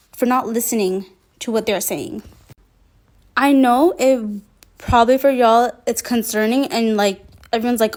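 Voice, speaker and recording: Woman, higher voice, impassioned online commentary, emphatic and heated delivery. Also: a little slow. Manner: emphatic, rising to near-shouting. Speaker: social media commentator.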